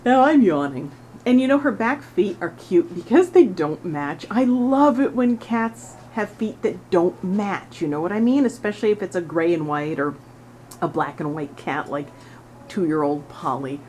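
A middle-aged woman volunteering at an animal shelter, chatting casually to the camera and cooing at a cat in a high sing-song voice, laughing often. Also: animated, unhurried, darkish tone, a little hiss or hum, low-quality recording. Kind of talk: casual vlog talking to a cat.

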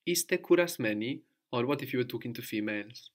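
A man's voice: medium pitch, expressive, a little fast. A man teaching a language lesson, asking questions patiently and repeating his student's answers.

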